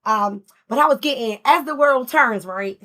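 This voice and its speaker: A woman's voice: high voice, normal speed, a bit bright. A woman giving a casual tarot reading at home. She is chatty, laughs often and swears freely. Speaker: tarot reader.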